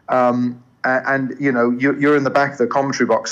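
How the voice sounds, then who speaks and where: An older man, a cricket commentator, talking earnestly in an interview, with a smooth English accent carrying traces of Southern African and many restarts. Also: medium pitch, fairly quick, a bit bright, dull audio. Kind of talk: interview conversation.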